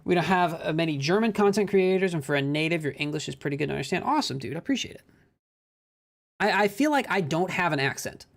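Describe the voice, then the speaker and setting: A man from Minnesota with a Midwestern American accent, co-commentating a disc golf stream in a chatty, quick way that breaks easily into laughter. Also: a little high, expressive, gravelly. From Minnesota, USA. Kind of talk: casual live-stream commentary.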